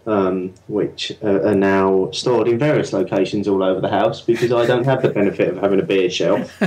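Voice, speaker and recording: A man's voice: lowish voice, moderate pace, a little mellow, low-quality recording. A man co-hosting a casual podcast chat about beer, chatty and prone to repeating words as he goes. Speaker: podcast co-host.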